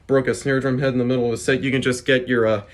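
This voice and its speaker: A man's voice: mid-range voice, flat delivery, rapid-fire. Stammering man giving drumming tips. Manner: stammering, restarts, says "okay?" a lot. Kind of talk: casual spoken tips to camera.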